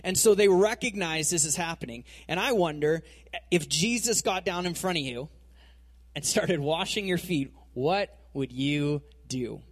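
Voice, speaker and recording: A man with a slightly high, husky voice preaching in a relaxed, conversational way. He tells the story in an animated style and uses plenty of everyday fillers. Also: measured pace. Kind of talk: conversational sermon.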